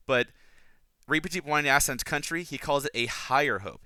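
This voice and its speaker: A man's voice: mid-range voice, lively intonation, brisk, bright, forceful tone, no room sound. A man hosting a podcast, chatting casually and enthusiastically about books and film, rambling with many restarts. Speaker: podcast host. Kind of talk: casual book and film analysis.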